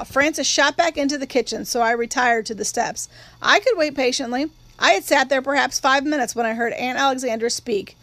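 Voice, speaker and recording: A woman with a high voice tells the story in first person, measured and wry. The read is close and dry, with no room sound. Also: fairly bright tone, no echo. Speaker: audiobook reader. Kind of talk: first-person literary narration.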